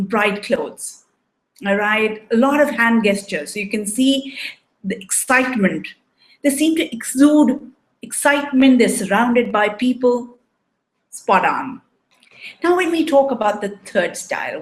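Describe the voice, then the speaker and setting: A woman coaching on relationships, giving a measured explanatory talk and often checking in with "right?". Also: a little high. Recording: echoey room.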